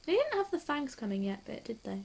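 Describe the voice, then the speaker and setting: A young woman chatting casually and excitedly about a TV episode, giggly and hyper, gushing and rambling from scene to scene. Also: sits high, creaky. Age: young adult. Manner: hyper, giggly and quick to gush. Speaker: TV reaction vlogger. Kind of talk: casual rambling reaction chat.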